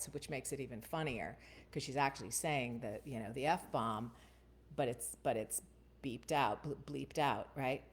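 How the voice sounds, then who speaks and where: A woman hosting a voiceover Q&A, chatting casually and often checking in with "right?". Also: deep voice. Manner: chatty, keeps asking "right?". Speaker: voiceover coach and host. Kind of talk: casual Q&A livestream.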